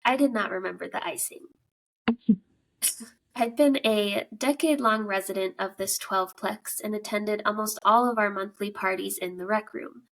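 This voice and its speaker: A woman's voice: medium pitch, steady tone, normal speed, fairly bright tone, poor audio. Woman host casually reading a spooky story. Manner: casual, giggly between story passages. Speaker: podcast host. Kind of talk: reading a listener's scary story aloud.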